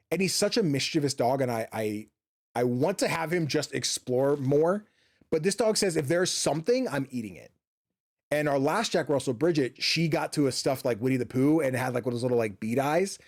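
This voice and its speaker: A man streaming a video game from his home office, chatting casually, rambling and swearing, with lots of fillers and restarts. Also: mid-range voice. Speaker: gaming streamer.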